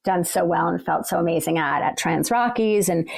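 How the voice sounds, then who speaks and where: A woman, an ultrarunner, casually telling the story of a race in a chatty, animated way. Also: lowish voice, normal speed, vocal fry. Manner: chatty and animated, filled with "like" and "you know".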